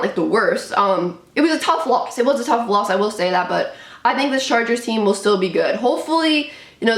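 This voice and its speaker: Chatty woman hosting sports rankings. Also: mid-range voice. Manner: chatty, opinionated, many fillers. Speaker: sports show host. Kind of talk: casual sports commentary. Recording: roomy echo.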